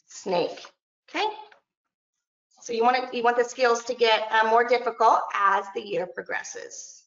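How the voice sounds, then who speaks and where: A woman's voice: on the high side, fairly even intonation, unhurried, fairly bright tone. A woman teacher presenting a training session, explaining step by step and sounding out words as she demonstrates. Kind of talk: instructional presentation. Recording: echoey, dull lo-fi room sound.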